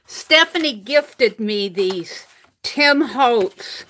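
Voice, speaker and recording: A woman's voice: on the high side, lively intonation, extremely slow, fairly bright tone. An older woman live-streaming her crafting, chatting casually, reading viewers' comments aloud and laughing often. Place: home craft room.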